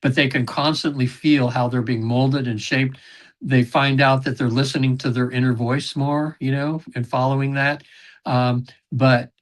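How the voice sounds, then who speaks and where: Rambling man telling session stories. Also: mid-range voice. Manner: rambling, frequent fillers and throat clearing, acts out quotes. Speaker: podcast guest, regression session facilitator. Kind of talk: casual interview storytelling.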